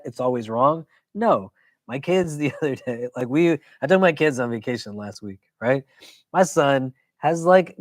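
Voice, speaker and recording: A man, an imam, teaching a weekly religious class in a casual, conversational way. He keeps checking in with his listeners and tells stories with quick asides. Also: on the high side, no room sound. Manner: conversational, keeps asking "do you know?"; animated storytelling with quick asides.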